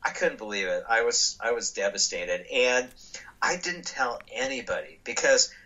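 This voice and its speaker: A man being interviewed as a guest, telling animated stories with frequent restarts and acted-out dialogue. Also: medium pitch, moderate pace, muffled recording. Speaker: guest speaker. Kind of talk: storytelling interview answers.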